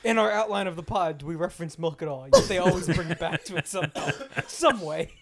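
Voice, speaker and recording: A man's voice: sits high, lively intonation, quick pace, crowd noise. A young man co-hosting a podcast, mock-complaining about being teased while laughing along. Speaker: podcast co-host. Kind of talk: casual chat among friends.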